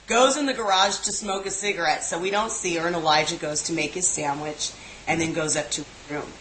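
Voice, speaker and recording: A woman in casual chat, lively, jumping in to add details to a shared story. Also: lowish voice, fairly quick. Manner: lively, interrupting to set the scene. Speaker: exorcist. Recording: echoey room.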